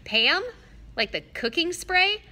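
Woman doing a skeptical, blunt young boy; bright voice, storybook reading. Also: extremely high pitch, big pitch swings, slow, pitched above the performer's own voice, exaggerated voice. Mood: curious, blunt. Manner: questioning, blunt. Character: twelve-year-old boy hero, skeptical and blunt.

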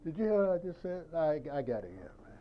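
A man's voice: a little high, very animated, quick pace, dull audio. A man preaching a sermon in a conversational style, acting out dialogues and firing rhetorical questions.

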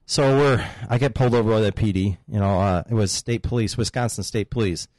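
A man's voice: fairly low pitch, brisk, a little mellow, no echo. A middle-aged man in his fifties, a podcast guest and father of one of the hosts, telling crude family stories and laughing through them. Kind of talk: casual podcast storytelling.

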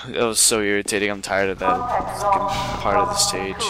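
A man's voice: medium pitch, sing-song, moderate pace, vocal fry. A man giving live gameplay commentary in profane, exasperated outbursts. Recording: loud game music and gunfire behind.

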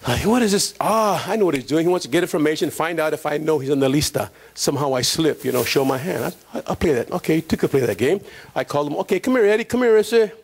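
A man's voice: on the high side, quick pace, creaky, husky. A man preaching his testimony in a streetwise storytelling way, acting out the voices from his past. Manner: streetwise storytelling, acts out voices from prison days. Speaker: guest preacher giving testimony. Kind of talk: testimony sermon.

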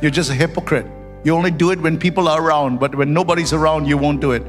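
A man's voice: on the high side, steady tone, quick pace. Male pastor, sermon, storytelling then fervent prayer, church hall echo, faint music behind. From Singapore. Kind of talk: sermon with personal stories. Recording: church hall with long reverb.

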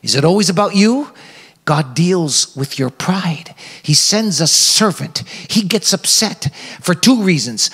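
Brief: male pastor, animated sermon delivery, high voice, long church reverb. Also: a little slow, slightly rough. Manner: animated preaching, acts out quoted characters. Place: church sanctuary.

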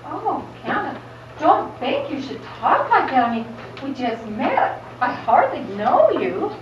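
A woman playing a prim, exasperated married woman on stage, speaking in a slow, indignant way. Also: high-pitched, very animated, heavily acted. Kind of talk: amateur stage play. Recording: very echoey hall, distant mic, dull sound, noise.

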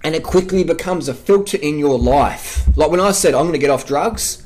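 A man's voice: fairly high pitch, moderate pace, a little mellow. An Australian man vlogging an unscripted rant, emphatic and profane, hammering his points by repeating phrases. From South Australia.

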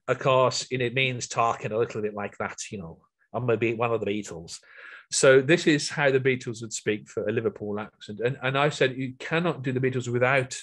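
A middle-aged man recalls the past in an earnest, rambling way. He often restarts his sentences and repeats words. His voice sits in an ordinary middle pitch. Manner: earnest, many restarts and repetitions. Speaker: guest speaker. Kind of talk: reminiscing talk.

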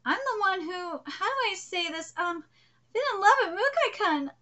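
A woman's voice: extremely high pitch, animated, normal speed, sharp tone, pitched above the performer's own voice, exaggerated voice. A woman reading aloud the lines of a flustered, cheerful teenage girl from a manga.

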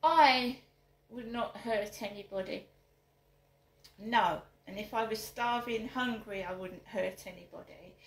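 A woman's voice: mid-range voice, slow, echoey room. A middle-aged woman speaking in an angry personal vlog, indignant and emphatic, repeating phrases for force. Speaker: vlogger. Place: home flat.

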